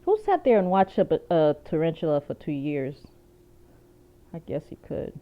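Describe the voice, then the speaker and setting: A woman vlogger in casual chat, telling animated stories with laughs and asides. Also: deep voice, moderate pace. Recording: dull lo-fi sound.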